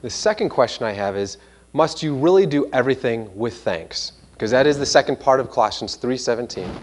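A man preaching a sermon in a church, animated and earnest, sometimes mimicking voices in quoted asides. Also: mid-range voice, a little fast. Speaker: pastor.

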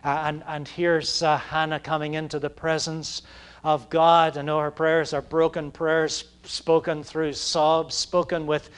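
A man's voice: on the high side, flat delivery, a little slow, smooth. A man preaching a conversational sermon, with frequent fillers and restarts, building to passionate emphasis. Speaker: pastor.

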